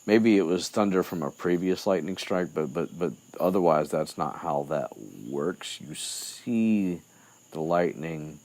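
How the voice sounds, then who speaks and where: A man's voice: sits low, a little slow, darkish tone. A man recapping a book chapter in loose, rambling chat, with lots of fillers and restarts. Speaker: podcast host.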